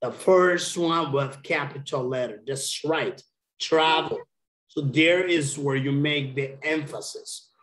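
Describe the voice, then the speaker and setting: A man's voice: mid-range voice, measured pace, few pauses, fairly bright tone. A man teaching an English lesson over a video call, speaking patiently and repeating key words. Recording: roomy echo.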